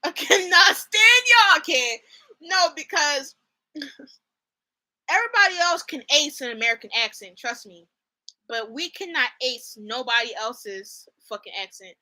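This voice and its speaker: A young woman chatting through a TV show in a casual vlog, with a high voice and a very bright, sharp tone. She's animated and slangy, laughs a lot, and keeps breaking into mock accents. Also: a little slow. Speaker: host.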